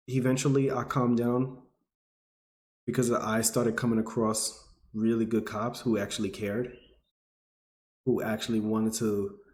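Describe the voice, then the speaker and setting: A man in his twenties, a vlogger, opens up to his audience with a personal story told earnestly and emotionally, his pitch rising as emotion builds. His tone is darkish, and the sound is roomy.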